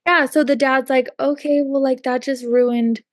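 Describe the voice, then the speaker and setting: As a podcast co-host, a woman tells a story casually, acting out quotes and peppering it with "like" and "um." Her voice sits high with fairly even intonation at a moderate pace, and the studio sound is clean with no room tone.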